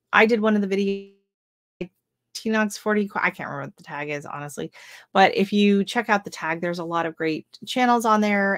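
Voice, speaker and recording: A woman's voice: mid-range voice, fairly bright tone, dry recording, studio quality. A woman who grew up in Oregon, hosting a casual gardening live stream, chatting and reacting to viewer comments with many ums and exclamations. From Oregon, US West Coast. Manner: chatty, lots of ums and restarts, exclaims often. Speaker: gardening livestream host.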